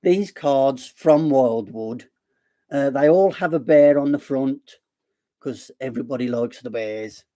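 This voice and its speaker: Slow, dark-voiced Black Country man. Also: medium pitch. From Black Country, West Midlands. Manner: rambling, apologetic, self-deprecating. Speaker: live stream host. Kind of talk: casual live stream chat.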